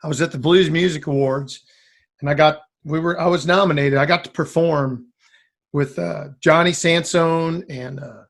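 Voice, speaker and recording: A man's voice: fairly high pitch, moderate pace, vocal fry. A man chatting as a guest musician, telling a long rambling story and acting out what other people said. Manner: rambling, animated, acts out quoted lines. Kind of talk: casual storytelling.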